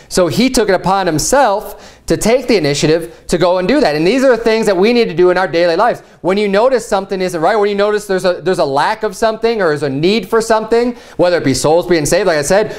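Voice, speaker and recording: A man preaching a sermon in a church in a conversational way, often restarting and repeating words. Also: high-pitched.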